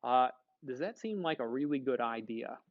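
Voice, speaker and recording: A man's voice: medium pitch, expressive, moderate pace, dull audio. A man teaching a history class, talking casually and asking his students questions before answering them himself. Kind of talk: classroom lecture.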